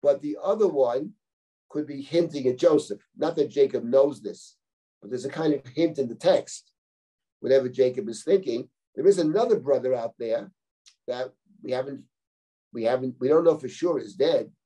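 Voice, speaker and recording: A male rabbi teaching a live Bible class, reading verses slowly and then explaining them step by step. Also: mid-range voice, mellow, distant mic, rough recording. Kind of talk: live lecture, close textual reading.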